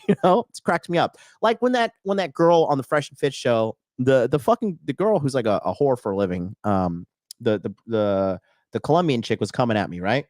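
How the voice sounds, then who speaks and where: A man coaching on dating and fitness in a blunt, profane podcast monologue, now and then mocking others in a high put-on voice. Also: very animated, moderate pace, a little mellow, no echo, clean studio sound.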